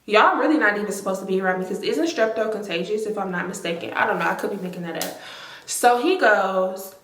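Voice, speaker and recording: A woman's voice: medium pitch, fast talker, a bit bright. A young adult woman telling a personal story to her viewers in casual storytime narration, chatty and filled with "like". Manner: chatty, talks to viewers directly, heavy filler use. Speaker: storytime vlogger. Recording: echoey room.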